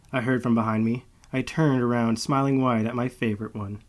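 Man reading a dark story aloud. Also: medium pitch. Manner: steady, measured, first-person storytelling. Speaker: narrator.

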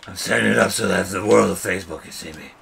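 A man voicing Batman while streaming a game, gruff, boastful and swearing. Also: low-pitched, fast talker, fairly bright tone, slight background noise, full character voice. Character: gravelly growling male Batman, brooding and tough. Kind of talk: streaming gameplay in character.

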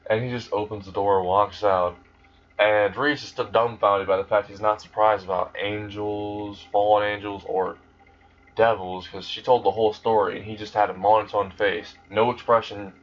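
A young man casually retelling a fan story, rambling and swearing freely. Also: fairly low pitch. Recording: dull lo-fi recording.

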